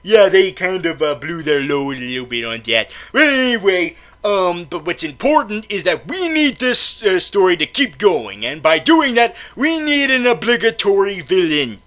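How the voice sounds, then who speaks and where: A man's voice: high-pitched, sing-song, moderate pace, few pauses, fairly bright tone. A man recapping a film in a casual, comedic way, rambling and profane, stammering with many fillers. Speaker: film reviewer.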